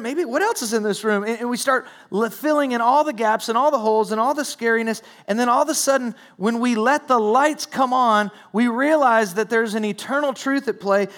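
A young man preaching and telling his own testimony, earnest, repeating words and falling to a hush at low moments. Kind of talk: sermon testimony.

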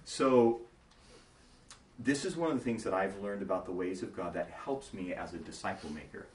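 A man pastor teaching a congregation in a relaxed, conversational sermon style, telling stories with asides to his listeners. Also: deep voice, moderate pace. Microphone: distant mic. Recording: echoey room from far off, faint noise.

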